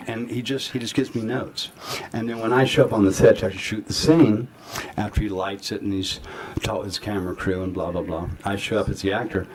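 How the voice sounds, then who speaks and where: Speaking briskly in a steady, lowish voice, an older actor entertains a festival Q&A with rambling anecdotes. He acts out the quotes as he goes, and audience noise from the festival hall can be heard.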